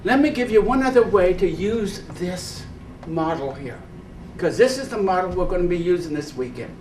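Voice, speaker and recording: A man leads a workshop lecture, lively and full of questions for his listeners. His voice sits high. The room is echoey and he is picked up from a distance, with a faint hiss behind him. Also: moderate pace. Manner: lively, asks the audience rhetorical questions. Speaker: workshop leader. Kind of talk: lecture to a live workshop audience. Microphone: far camera mic, no personal mic.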